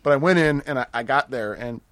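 A man's voice: medium pitch, fast talker, a bit bright, dry recording. A man in his thirties, a podcast guest telling stories in casual chat, profane and rambling, with many restarts.

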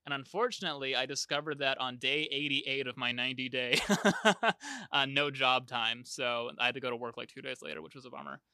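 A man's voice: mid-range voice, brisk, sharp tone, clean tone, dry recording, clean studio sound. A young man hosting a podcast, rambling in a laid-back way and laughing easily as he chats. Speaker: podcast host. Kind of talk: casual chat.

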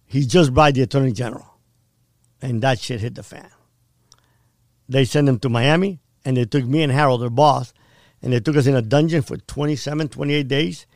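A man's voice: mid-range voice, no room sound, studio quality. A middle-aged man telling a harrowing personal story in blunt, vivid casual talk, often checking in with "right?". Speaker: podcast guest.

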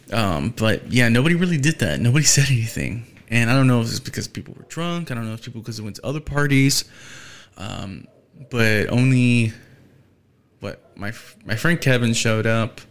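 A young man hosting a podcast, talking in a loose, rambling way. He swears freely and vents his annoyance in casual chat, with a voice of middling pitch for a man. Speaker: podcast host.

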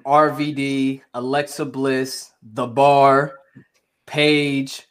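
A man's voice: mid-range voice, level tone, extremely slow, smooth. A man on a casual group podcast, joking, swearing and exclaiming in disbelief. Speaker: podcast co-host.

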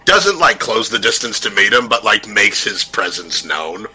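A man playing in a tabletop game, describing his character's actions in a relaxed, chatty way. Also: on the low side, normal speed, breathy edge, rough recording. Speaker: player.

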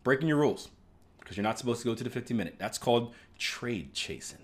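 A man's voice: medium pitch, sing-song, fast. A man teaching trading in a casual live stream, chatty, who keeps asking "right?" and acts out his stories. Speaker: trading instructor.

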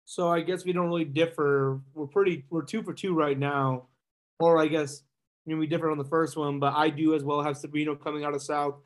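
A man co-hosting a casual sports chat, relaxed and a bit hesitant, with stumbling starts. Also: a little high, brisk. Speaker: sports podcast co-host.

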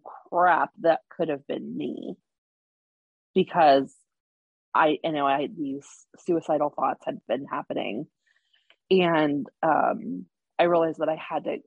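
Husky-voiced woman telling a frank story. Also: low voice, no room sound, muffled recording. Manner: frank, rambling, full of fillers. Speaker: guest. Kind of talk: candid personal story.

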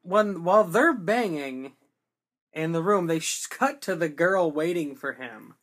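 Casual podcast co-host, mid-pitched, rambling and animated in movie recaps. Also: unhurried. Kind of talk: casual movie review chat.

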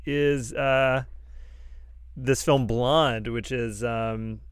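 Guy hosting a chat podcast, smooth clear voice, dry close sound, lots of um and uh when he sets up a question. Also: mid-range voice, fairly even intonation, dry recording. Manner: easygoing, affirming, with slow halting intros full of ums. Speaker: podcast host. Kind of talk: casual interview chat.

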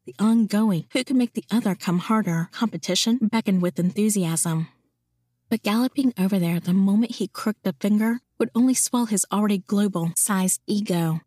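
A woman narrating a romance novel in an even, intimate storytelling voice. She sits in the middle range for a woman, recorded close and dry with no room sound. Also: mid-range voice, normal speed, dry recording. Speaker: audiobook narrator.

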